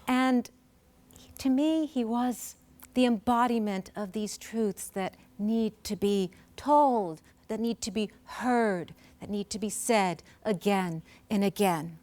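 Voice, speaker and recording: A woman poet introducing her poems on stage in an earnest, measured way with deliberate pauses. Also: mid-range voice, darkish tone. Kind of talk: spoken introduction at a poetry performance. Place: live performance on stage.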